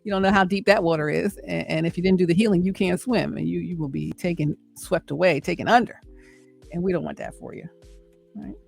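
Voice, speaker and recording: Soft music plays behind a middle-aged woman whose fairly low, vocal-fried voice moves at a fairly quick clip. As host of this inspirational talk to camera, she preaches encouragement, repeats herself, and tosses in "right?"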